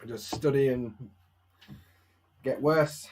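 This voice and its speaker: A man's voice: mid-range voice, slow, darkish tone. A young man with a Barnsley Yorkshire accent, chatting casually and self-mockingly at home on a live stream, answering viewers' questions.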